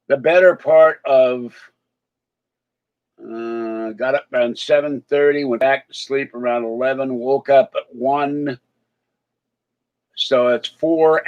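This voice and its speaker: A man vlogging in a casual, rambling way, chatting and complaining about his day. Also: mid-range voice. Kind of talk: casual chat to camera. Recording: slightly dull lo-fi sound.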